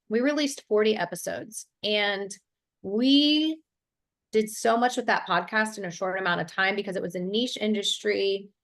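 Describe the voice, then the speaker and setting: A woman's voice: mid-range voice, a bit bright. A woman from Ohio, a business coach, telling her story in an interview over a video call with energy and fluency. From Ohio, USA.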